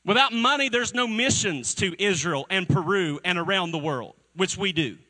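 A male pastor preaching a sermon to a congregation in a church, energetic and calling for responses from the crowd. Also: sits high, normal speed, low-quality recording.

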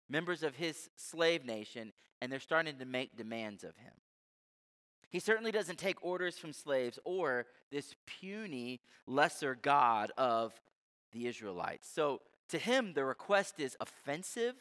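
A man's voice: fairly high pitch, animated, unhurried, pushed and bright. A male pastor preaching a sermon in a conversational, emphatic way, explaining things to his listeners. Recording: long hall reverb.

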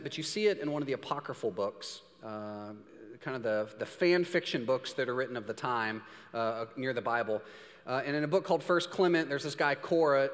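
Casual, jokey man preaching in a big hall. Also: fairly high pitch. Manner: casual, jokey, acts out quick voices. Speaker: pastor. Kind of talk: sermon. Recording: long hall reverb.

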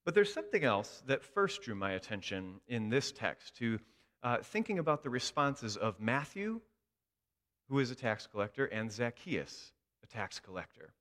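A man preaching a sermon in a church, telling a story in an emphatic, expressive way. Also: medium pitch, normal speed. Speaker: pastor. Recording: long hall reverb.

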